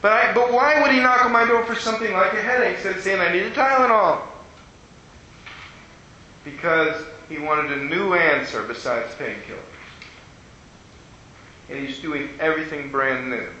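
Man, preacher, folksy storytelling, high bright voice, very echoey hall, dull sound. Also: normal speed, pauses often, slight background noise. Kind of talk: sermon with storytelling.

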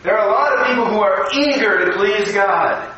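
A man with a high, bright voice preaches a recorded devotional in a conversational, storytelling manner. He is heard from a distance in a strongly echoing room. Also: moderate pace, muffled recording. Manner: storytelling, conversational, acts out quotes. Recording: echoey room from far off.

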